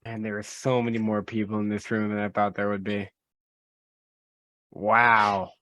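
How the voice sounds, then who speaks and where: A man's voice: on the low side, little pitch movement, measured pace, a bit bright, no echo, clean studio sound. A man playing a tabletop game, talking casually and joking in a laid-back way. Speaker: player.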